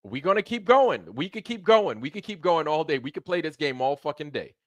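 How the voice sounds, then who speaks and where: A man's voice: a little high, animated, a little fast, no echo. Profane, emphatic man ranting dry. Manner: profane, repetitive and emphatic, with frequent rhetorical questions. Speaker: streamer hosting a show. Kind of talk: casual livestream rant.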